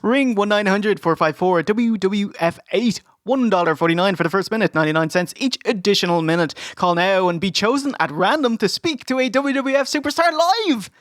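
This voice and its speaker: A man putting on a gruff wrestler who hurriedly pitches a paid hotline. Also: fairly quick, few pauses, fairly bright tone, dry recording, clean studio sound. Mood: salesy.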